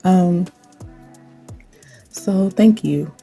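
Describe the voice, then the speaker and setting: A woman hosting an art channel, chatting in a laid-back way while she sketches, her voice still deep from the morning. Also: very slow, vocal fry, husky. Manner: relaxed and chatty. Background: faint background music.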